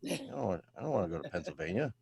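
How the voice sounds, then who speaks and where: A man doing a deadpan stand-up set over a video call from home, trailing off into quiet, self-deprecating mumbles. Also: deep voice, very fast, gravelly, slightly rough. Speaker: stand-up comedian at open mic.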